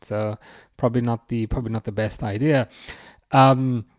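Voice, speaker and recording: A man's voice: mid-range voice, steady tone, moderate pace. Chatty English man streaming football. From England. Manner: chatty, reads chat messages aloud, teasing. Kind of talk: casual live-stream chat.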